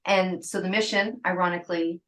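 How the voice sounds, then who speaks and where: A woman's voice: fairly low pitch, steady tone, fairly quick, fairly bright tone, low-quality recording. Chatty woman podcast host in her fifties. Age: 50s. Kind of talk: casual interview chat.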